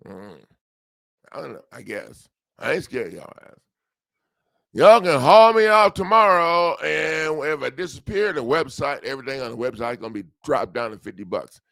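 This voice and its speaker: A man's voice: fairly high pitch, expressive, moderate pace, gravelly, fairly bright tone, dry recording, studio quality. An older man hosts a legal self-help livestream, rambling casually and joking at himself with frequent laughs.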